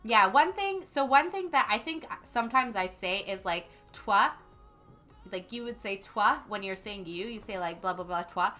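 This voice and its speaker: A woman's voice: mid-range voice, lively intonation, normal speed, bright, forceful tone, faint music behind. A young woman hosting a casual gaming livestream, chatting and reading viewer comments aloud with lots of ums. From Canada. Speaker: livestream host.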